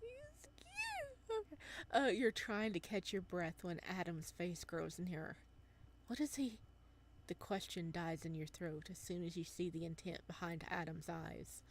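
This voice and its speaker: A woman reading a visual novel aloud as she plays, with giggly, excited reactions between passages. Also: on the low side, normal speed, slight background noise. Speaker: gamer.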